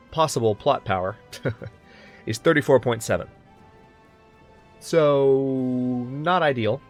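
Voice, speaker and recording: A man's voice: mid-range voice, takes it slowly, long pauses, faint music behind. A man hosting a let's play, chatting casually and thinking aloud as he plays. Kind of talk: casual gaming commentary.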